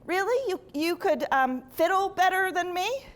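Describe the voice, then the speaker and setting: A woman's voice: very high-pitched, expressive, moderate pace, voice pushed up. A woman voicing a timid young male fiddle player who hesitates and stammers in a raised voice.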